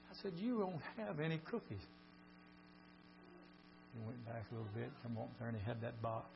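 An older man preaching a sermon, telling folksy stories and swinging from quiet talk to shouts. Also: mid-range voice, brisk, creaky, long pauses. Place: church meeting. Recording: dull lo-fi recording with mains hum.

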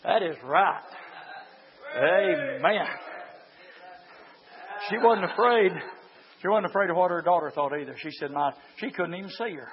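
High-voiced preacher shouting. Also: male voice, measured pace, long pauses. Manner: swings from quiet storytelling to high shouted preaching. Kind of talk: fiery sermon. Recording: dull lo-fi church recording.

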